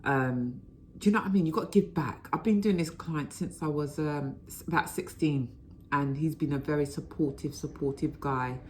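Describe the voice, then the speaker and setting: A woman's voice: deep voice, normal speed, darkish tone, slight background noise. A woman, chatting frankly and rambling to her viewers at home in a casual vlog. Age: 50s. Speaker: vlogger. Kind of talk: casual chat to camera. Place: at home, indoors.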